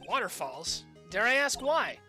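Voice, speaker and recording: A woman voicing a dry, sarcastic young male defense lawyer, lowering her voice. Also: a little slow, faint music behind, heavily acted. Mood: deadpan. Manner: deadpan, sarcastic.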